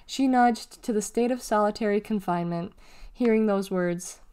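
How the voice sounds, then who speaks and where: Brief: woman narrator, mid pitch, steady storytelling read of a kids' novel. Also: moderate pace, clean tone. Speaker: reader. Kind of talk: reading a children's novel aloud.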